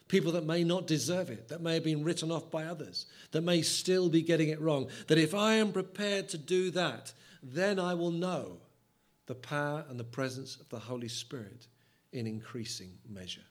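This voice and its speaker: A man preaching a sermon, dramatic, swinging from loud and high to hushed. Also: normal speed.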